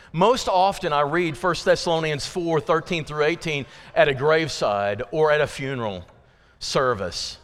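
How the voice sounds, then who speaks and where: High-voiced man preaching in a reverberant church. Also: fairly bright tone. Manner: conversational, folksy preaching with asides to the congregation. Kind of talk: sermon. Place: church sanctuary. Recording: long reverb of a church hall.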